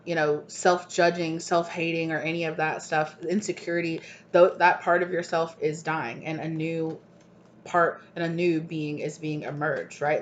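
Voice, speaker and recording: A woman giving a channeled collective tarot reading, rambling and gushing and often asking "right?". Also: on the low side. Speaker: tarot reader. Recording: dull lo-fi recording, faint hiss.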